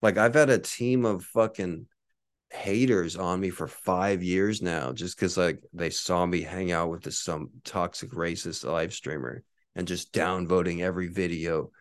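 A man in his forties delivers a solo podcast rant, boastful and combative, peppered with swearing. His voice sits on the low side. The recording is dry and close, with no room echo. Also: fairly even intonation, measured pace. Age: 40s. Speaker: podcast host. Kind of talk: ranting podcast monologue.

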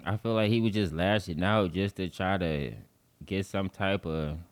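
A man's voice: sits low, moderate pace. A male podcast host in casual chat, telling stories with frequent laughter and profane street slang.

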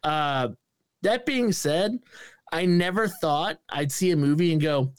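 His voice is fairly high and clean-toned, and he speaks slowly. The studio-quality audio carries no room sound. Co-hosting a relaxed movie review podcast, he swears freely, stays animated, and mimics lines with sudden bursts of put-on voices.

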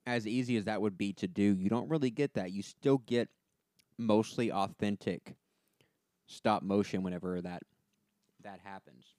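Soft-spoken man with a smooth lowish voice. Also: moderate pace, no echo, clean studio sound. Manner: rambling, filler-heavy with many "like"s. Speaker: podcast co-host. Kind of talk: casual chat.

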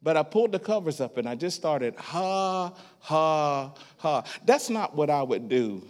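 A man preaching in a church, his voice on the higher side and trailing off into a long reverb. He tells a story and keeps breaking into loud, rhythmic bursts of laughter. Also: big pitch swings, a little fast. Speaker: guest preacher. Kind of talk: sermon. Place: church sanctuary.

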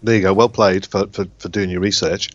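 A man's voice: low-pitched, level tone, fairly quick, highs cut off. A man guesting on a podcast over a call, chatting in a rambling, hesitant way and repeating words. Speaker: comedian guest. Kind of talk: casual chat on a call. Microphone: call over the internet.

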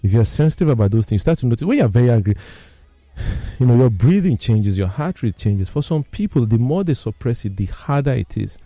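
A man, telling personal stories in casual talk as he explains a topic, animated and emphatic. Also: medium pitch, a little fast, dry recording. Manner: animated storyteller, lively and emphatic.

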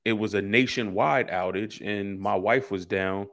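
A man's voice: on the low side, unhurried, fairly bright tone. A man co-hosting a casual sports talk show, telling rambling stories in slangy everyday speech. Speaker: co-host.

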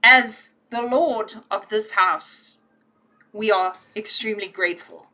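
A woman's voice: medium pitch, takes it slowly, bright, forceful tone. A woman playing a pompous young male kitten who calls himself lord of the house and speaks in a formal, grand way.

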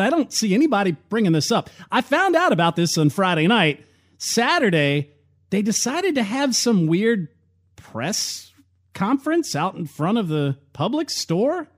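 Male show host, high and lively, sarcastic commentary. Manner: sarcastic, reads news aloud with commentary. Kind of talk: commentary and read sponsor ad.

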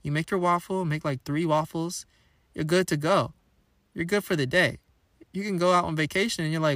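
A man's voice: a little high, normal speed, sharp tone, no echo, studio quality. A young man hosting a solo podcast, chatting casually in a playful, rambling, slangy way. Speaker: podcast host.

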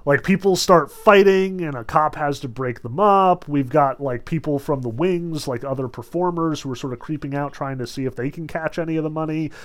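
A man's voice: a little high, moderate pace, hardly any pauses. A man lecturing about a novel in a casual, chatty way, often saying "like" and "notice". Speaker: literature lecturer. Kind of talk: lecture with read-aloud passages.

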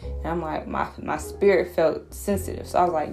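Earnest low-voiced woman sharing testimony. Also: steady tone, moderate pace, creaky, a little mellow, soft background music. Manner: earnest, rambling, frequent restarts. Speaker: faith vlogger sharing a personal testimony. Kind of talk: casual devotional talk.

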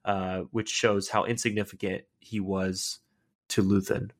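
Man, low voice, excitable, casual podcast chat, lots of fillers. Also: unhurried. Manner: excitable, animated retelling with filler words. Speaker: podcast co-host.

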